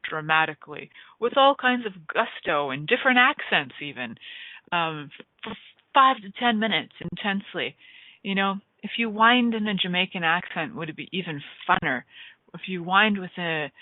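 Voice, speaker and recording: A woman's voice: fairly low pitch, no echo. A woman hosting a radio talk show, chatting in a playful, rambling way with many fillers. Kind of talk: casual solo radio talk. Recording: tinny phone line.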